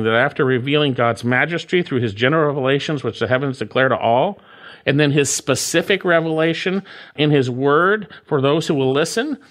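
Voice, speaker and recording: A man's voice: on the high side, a bit bright. A man preaching an expository sermon, explaining word meanings and repeating key phrases with emphatic stress. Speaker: pastor.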